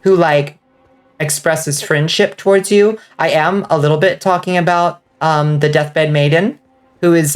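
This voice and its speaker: A woman streaming a game live, chatting casually and rambling with lots of fillers, now and then breaking into excited outbursts. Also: low-pitched. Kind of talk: casual livestream chat while gaming.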